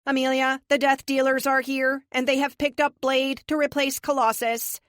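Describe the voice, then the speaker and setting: Audiobook AI: woman doing a precise, formal male machine pilot, a little higher and firmer. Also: little pitch movement, normal speed, no room sound, clean studio sound, natural voice. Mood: urgent. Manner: formal, precise, without contractions. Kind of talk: audiobook character voice.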